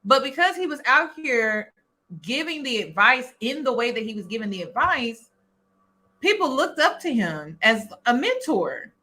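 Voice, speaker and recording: A woman's voice: a little high, big pitch swings, normal speed, sharp tone. A woman hosting a reaction video, talking bluntly and with exasperation, swearing as she comments. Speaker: YouTube reaction host.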